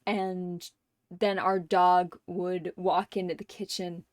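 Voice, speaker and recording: Slow-talking woman streamer, dry sound. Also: lowish voice, little pitch movement, dry recording. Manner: candid, profane, emotional. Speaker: livestream gamer. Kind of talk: casual chat while streaming a game.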